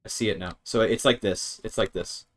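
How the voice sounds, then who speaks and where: A native English-speaking man with a lowish voice streams a game and chats casually. He thinks aloud while working through a translation, restarting haltingly and attempting German words.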